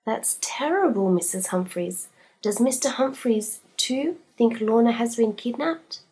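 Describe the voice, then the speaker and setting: A polite, brisk woman detective in her thirties from an audio storybook, read by a woman. Her voice is husky and breathy, close to the reader's own. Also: a little high, lively intonation, warm tone, pitched above the performer's own voice, full character voice. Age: 30s.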